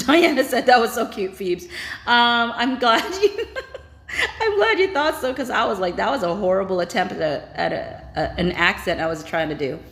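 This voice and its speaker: A woman's voice: mid-range voice, expressive, normal speed, fairly bright tone. A woman hosting a casual livestream, reading viewer comments aloud and reacting with chatty asides. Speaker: livestream host. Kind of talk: casual live-chat reading. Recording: roomy echo.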